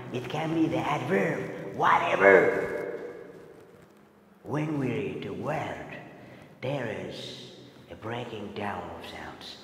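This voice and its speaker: Slow, deliberate male teacher in an echoey room. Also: fairly high pitch. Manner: slow and deliberate, stretching words, repeating key terms. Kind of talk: recorded online lesson. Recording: echoey room with long reverb, faint noise.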